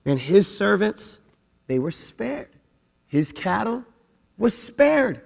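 A man's voice: high-pitched, sing-song, takes it slowly, vocal fry, long reverb tail. A middle-aged man preaching a sermon as pastor, conversational, acting out quotes and asking the congregation questions.

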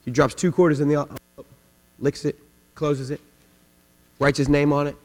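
A male pastor preaching a sermon, telling stories and swinging from quiet asides to loud, emphatic questions. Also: a little high, little pitch movement, moderate pace. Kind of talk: sermon with storytelling. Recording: long hall reverb with mains hum.

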